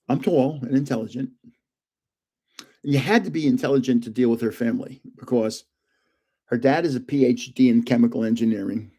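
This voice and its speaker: A man's voice: medium pitch, dark tone. An older man hosting a casual livestream from home, rambling through anecdotes and chuckling often. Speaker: livestream host.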